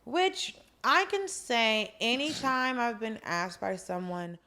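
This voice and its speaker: A woman's voice: fairly high pitch, lively intonation, takes it slowly, pushed and bright. Blunt, wisecracking woman podcast co-host. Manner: blunt and wisecracking, with slang and swearing. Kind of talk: casual chat recapping a drama.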